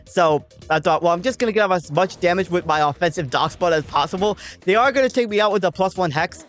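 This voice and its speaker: A woman's voice: fairly low pitch, lively intonation, fast talker, faint music behind. A woman hosting a gaming channel, talking through a game battle in a casual, chatty way and explaining her thinking with frequent "um" and "like".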